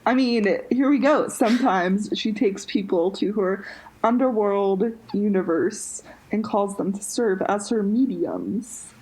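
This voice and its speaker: A woman's voice: medium pitch, slow, darkish tone, breathy edge, rough recording. A woman co-hosting a podcast, telling a story in a casual chat full of "like" and "um". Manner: chatty, heavy use of "like" and "um". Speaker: podcast co-host.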